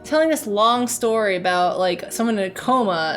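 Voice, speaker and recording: A woman's voice: mid-range voice, normal speed, few pauses, fairly bright tone, faint music behind. A woman streaming a game, joking and giggling in casual chat.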